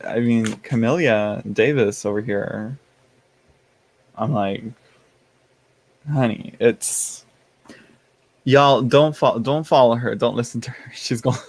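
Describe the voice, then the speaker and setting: A man's voice: mid-range voice, a little slow, long pauses. A man hosting a casual live stream, chatting with viewers, laughing often and reading the chat aloud. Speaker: tarot livestream host.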